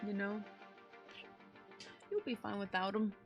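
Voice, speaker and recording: A woman streamer chatting casually to her viewers, gushing and excitable. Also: mid-range voice, a little slow, faint music behind. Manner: gushing and excitable, talks to chat. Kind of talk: casual live-stream chat.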